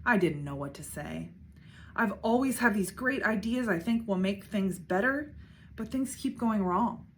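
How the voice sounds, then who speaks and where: A woman reads a children's chapter book aloud with a lively, expressive voice. Her pitch moves up and down freely as she tells the story. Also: a little slow, a little hiss or hum. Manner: expressive, shifting voices for characters. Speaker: school principal reading aloud.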